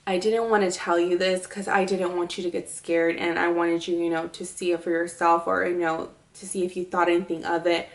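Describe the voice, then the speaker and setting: A woman voicing her boss, a calm, reassuring woman who speaks softly. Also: fairly low pitch, fairly quick, few pauses, distant mic, natural voice. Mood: soothing.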